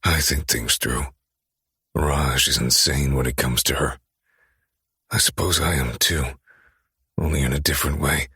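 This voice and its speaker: A man voicing a very deep, husky, menacing young man. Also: steady tone, unhurried, long pauses, bright, forceful tone, dry recording, studio quality, exaggerated voice. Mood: cold. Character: cunning possessive young man with dark calm menace. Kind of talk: audiobook character reading.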